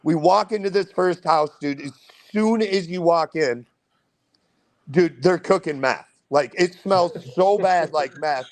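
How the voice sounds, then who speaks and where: A young man casually telling a long, profane story as a podcast guest, rambling and animated. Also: fairly high pitch, a little slow.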